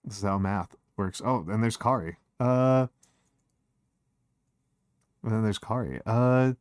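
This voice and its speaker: A man's voice: on the low side, slow, a little mellow, clear, resonant tone, dry recording, studio quality. A man hosting a stream, chatting casually and hesitantly with lots of restarts. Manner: hesitant, many restarts and fillers. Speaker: streamer host. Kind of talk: casual chat.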